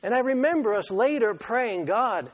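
Male pastor, husky and fairly high-pitched, animated sermon storyteller who acts out his own reactions. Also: moderate pace.

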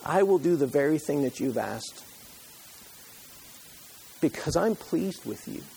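A man's voice: a little high, lively intonation, measured pace, creaky, a little hiss or hum. A man preaching a sermon, reading scripture aloud and retelling it with passion, pleading at times and dropping to a near whisper at others. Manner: impassioned, pleading when voicing Moses, dropping to a hush.

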